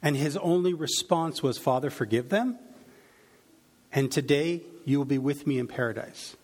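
Reading scripture aloud and then reflecting on it, this male preacher speaks at a normal speed in a higher-leaning, darkish voice with a breathy edge. His sermon-style teaching is full of fillers and restarts.

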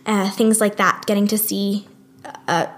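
A woman's voice: mid-range voice, little pitch movement, a little slow. A young woman talking casually in a conversation, chatty and laughing easily. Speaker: guest.

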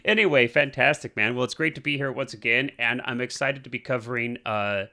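A man's voice: medium pitch, brisk, pushed and bright. A man co-hosting a film podcast, chatting casually with plenty of fillers and easy laughter. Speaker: podcast co-host.

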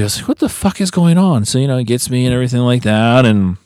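A man co-hosting a casual podcast, telling a story. His voice sits at a middle pitch. He jumps way up when he acts out the people he quotes. The recording is dry and close, with no room sound. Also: fast, few pauses, a little mellow, no room sound. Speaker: podcast co-host.

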